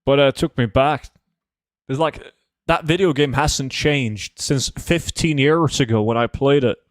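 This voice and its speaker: A man's voice: mid-range voice, unhurried, no echo, studio quality. A young man streaming a game, chatting casually with viewers and reading their chat messages in a loose, profane, rambling way.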